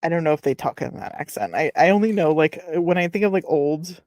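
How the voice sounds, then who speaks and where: A woman's voice: low voice, lively intonation, a little fast, a little mellow, no echo. Rambling, apologetic woman from Texas. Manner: rambling, self-interrupting, apologetic, wry. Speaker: host reading a novel aloud. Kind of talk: casual read-along with commentary. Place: at home by a desk. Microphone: desk webcam.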